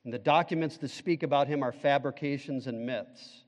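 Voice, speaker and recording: A man's voice: medium pitch, normal speed, long reverb tail. A male pastor preaching a sermon, emphatic, putting questions to the congregation.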